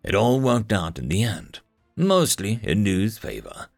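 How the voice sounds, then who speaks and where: A man narrating a fantasy novel as an audiobook, in an expressive storytelling reading. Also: lowish voice, measured pace, gravelly, faint music behind.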